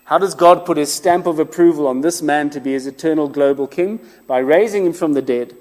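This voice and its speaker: A man preaching a sermon, with expressive rhetorical repetition and some self-deprecating humor. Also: a little high, brisk. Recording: long reverb of a large room.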